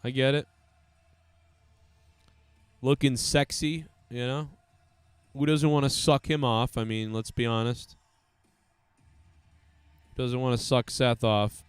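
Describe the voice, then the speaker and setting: A man's voice: medium pitch, little pitch movement, slow pace, pauses often, clean tone, no room sound. A man hosting a live stream, giving casual commentary to his chat in a crude, joking, rambling way.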